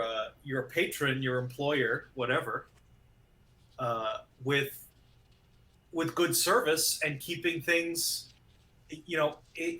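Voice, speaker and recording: A pompous guardian of a town, played by a man with a bright, clear voice, lecturing slowly about duty. His voice sits a little high. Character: lofty, dutiful town guardian.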